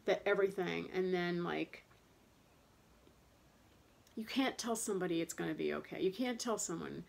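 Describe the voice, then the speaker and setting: A woman's voice: mid-range voice, lively intonation, brisk, creaky. A woman in her thirties talking candidly and in a rambling way, frustrated, with many fillers and restarts, in a casual personal monologue. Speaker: vlogger talking about chronic pain.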